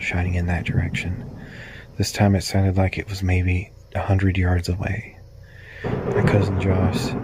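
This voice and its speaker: A man slowly narrating a spooky true story, drawn out and hushed at moments. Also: deep voice, heavy background noise.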